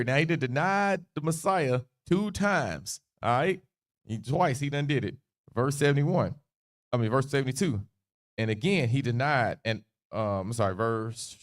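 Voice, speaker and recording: A man leads a livestreamed Bible study in relaxed, slang-heavy talk. His voice sits at a middle pitch, and he laughs easily as he acts out the scripture. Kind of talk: casual livestreamed Bible teaching.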